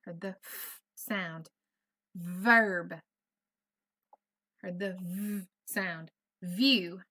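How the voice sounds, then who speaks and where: A woman's voice: on the low side, fairly even intonation, extremely slow, pushed and bright. A woman teaching an online first grade phonics lesson, patient and encouraging, carefully over-enunciating each sound. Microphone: computer mic on a video lesson.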